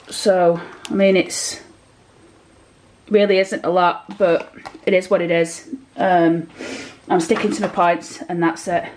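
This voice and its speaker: A woman's voice: medium pitch, a little mellow, a little hiss or hum, rough recording. Chatty woman vlogging while cooking. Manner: chatty, addresses viewers directly. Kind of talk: casual cooking vlog. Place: home kitchen.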